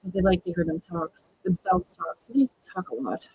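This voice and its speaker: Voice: medium pitch, moderate pace, vocal fry, a little hiss or hum, poor audio. A host giving casual, exasperated running commentary at a live watch party, sarcastic and mimicking the people on screen.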